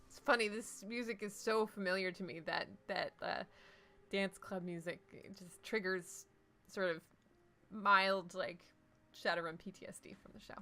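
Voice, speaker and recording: Bright and forceful at a medium pitch, this woman keeps a steady tone and moderate pace. She's hosting a live game stream, joking around with viewers and answering their votes in casual let's-play chatter.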